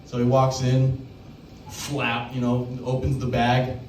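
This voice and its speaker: A young man doing open mic stand-up, telling a crude story with loud acted-out quotes. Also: mid-range voice, monotone, takes it slowly, slight background noise. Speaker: stand-up comedian. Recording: echoey room, mic heard from a distance.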